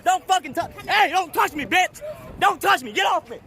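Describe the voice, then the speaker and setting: A man's voice: very high-pitched, expressive, moderate pace, sharp tone. A man filming police on the street, screaming for help and insisting he is not resisting. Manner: screaming, panicked, defiant. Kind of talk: street confrontation, shouting. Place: outdoors on a city street. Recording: street video with crowd noise.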